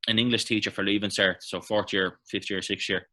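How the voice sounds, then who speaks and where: An Irish man in his thirties, an actor reminiscing in a relaxed, rambling interview with many fillers and restarts. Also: on the low side, a little fast. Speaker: actor guest. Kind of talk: casual interview chat.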